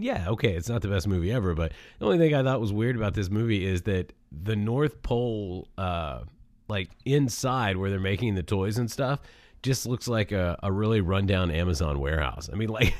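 A man with a very low voice talks casually with a co-host. He gets animated as he argues, his voice leaping up. The sound is dry and close. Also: dry recording. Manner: animated, jumps high in pitch when arguing. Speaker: movie podcast co-host. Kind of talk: casual chat.

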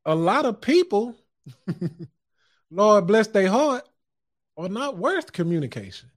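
Male podcast host, high voice, casual preachy monologue, chuckles and cusses freely. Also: sing-song, slow pace. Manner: loose, preachy, chuckles often, curses casually. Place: home studio.

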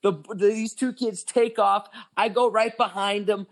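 A man's voice: high-pitched, fairly even intonation, measured pace. A man in his twenties, a podcast co-host, telling a long story in casual chat, rambling with lots of "like" and swearing.

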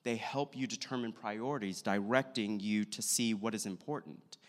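A man, a pastor, preaching a sermon with a measured delivery and slow, deliberate emphasis. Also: fairly low pitch. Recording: long hall reverb.

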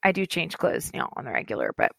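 A woman's voice: sits low, wildly swooping pitch, quick pace, gravelly, a bit bright, breathy edge, dry recording. A woman in her thirties chatting casually as a podcast co-host, rambling and cutting herself off as she goes, tired and yawning. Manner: chatty, rambling, self-interrupting. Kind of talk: casual chat.

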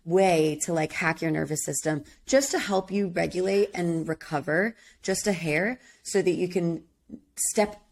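Young woman, podcast co-host, lowish voice, relaxed and reflective, advice-giving. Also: unhurried, creaky. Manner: relaxed, reflective, gives advice on handling anxiety. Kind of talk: casual chat.

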